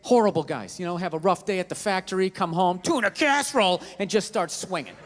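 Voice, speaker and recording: On a theater stage, a stand-up comedian rants profanely into a stage microphone, playing out both sides of the arguments he quotes. His voice sits high and he talks fast and expressively. The echoey hall comes through with a faint hiss.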